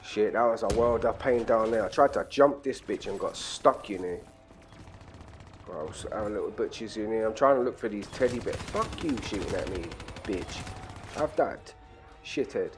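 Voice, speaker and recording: A man giving crude, profane commentary while playing a game, full of excitable banter and sudden shouts. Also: lowish voice, moderate pace, a little hiss or hum. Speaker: gaming channel host. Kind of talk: profane casual gameplay commentary.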